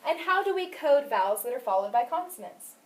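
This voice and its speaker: A woman's voice: sits high, very animated, brisk. Patient woman teaching phonics. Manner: patient, prompting questions and praise. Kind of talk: classroom phonics lesson. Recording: echoey room, mic at a distance.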